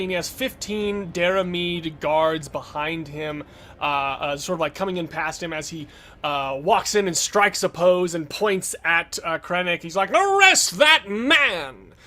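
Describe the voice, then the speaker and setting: Bright-voiced game master. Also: male voice, sits high, steady tone, moderate pace. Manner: loose and rambling, lots of fillers. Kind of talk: narrating a tabletop game.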